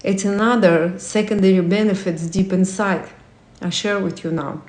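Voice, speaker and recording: A woman's voice: medium pitch, fairly even intonation, normal speed, a little mellow. A woman hosting a casual talk, reading from a book and asking the listener reflective questions, with non-native English phrasing and frequent self-corrections. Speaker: host. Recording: roomy echo.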